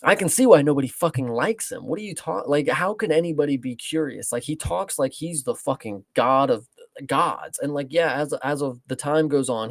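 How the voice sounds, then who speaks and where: Casting: a gravelly male podcast co-host, blunt and profane, on a dry close mic. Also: medium pitch, no room sound. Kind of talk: casual sports chat.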